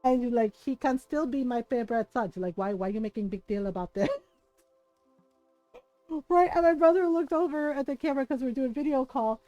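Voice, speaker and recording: Speaking briskly in a high-pitched voice, a woman streamer from a Filipino family tells family stories as she plays, full of laughter and impersonations of her relatives. The recording is dry and muffled, with soft background music.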